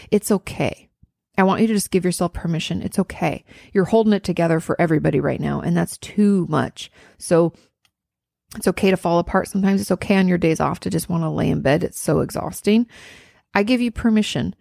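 A woman's voice: lowish voice, gravelly, mellow, no echo, studio quality. A woman in her thirties giving a listener earnest, reassuring advice in a casual podcast chat, now and then swearing. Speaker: therapist answering a listener.

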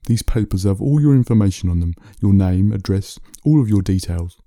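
A man voicing a calm, wise male lion who speaks gently and with quiet amusement in a bedtime story. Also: on the low side, dry recording, clean studio sound. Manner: calm, unhurried, gently teasing.

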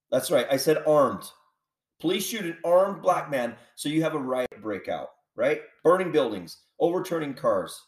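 A man's voice: mid-range voice, far from the mic. Fired-up guy on a podcast ranting, voice jumps all over, echoey room. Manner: heated, repetitive rhetorical questions. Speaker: podcast host. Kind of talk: opinionated political monologue.

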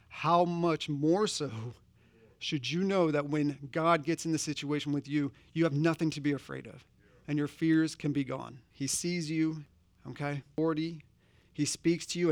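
A man's voice: a little high, no echo. A man preaching a sermon, earnest and conversational, posing direct questions to his congregation. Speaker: pastor.

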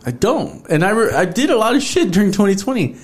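A man's voice: sits high, sing-song, fast talker. A man hosting a podcast in casual chat, telling stories loosely and swearing often. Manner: loose storytelling full of profanity and "bro". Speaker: podcast host.

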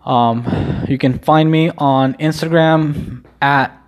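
A young adult man talking in a casual rambling vlog, halting and restarting often with many ums, swearing casually in a subdued, self-deprecating way. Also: a little high, fairly even intonation. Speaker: vlogger.

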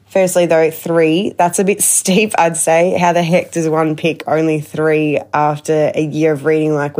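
Low-voiced chatty Australian woman. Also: a little mellow. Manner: chatty, enthusiastic, laughs easily. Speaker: book reviewer. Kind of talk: casual book recommendations.

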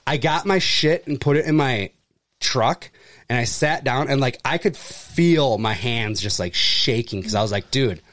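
A man telling a story in casual chat, acting out the people in it with jumps in voice and plenty of swearing. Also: a little slow. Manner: animated, acts out quoted people with pitch jumps, swears freely. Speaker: furniture delivery and service worker.

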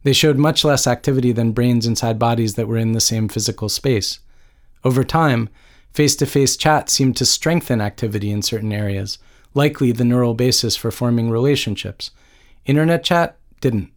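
A man's voice: medium pitch, normal speed. A man reading a novel aloud as an audiobook narrator, with a dry, wry storytelling manner. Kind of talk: scripted narration.

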